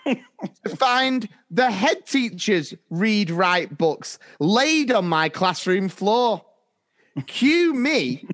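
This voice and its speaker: A man's voice: high voice, a bit bright. A man co-hosting a casual teachers' podcast, telling stories and laughing often. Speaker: podcast co-host, primary school teacher. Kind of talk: casual chat.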